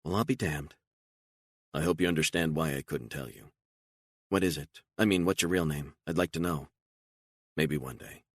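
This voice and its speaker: A man's voice: rumbling low, normal speed, pauses often, dry recording, clean studio sound. A man voicing a frightened, emotional woman on the run, pleading and incredulous and raising her voice often, in an audiobook. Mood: tearful.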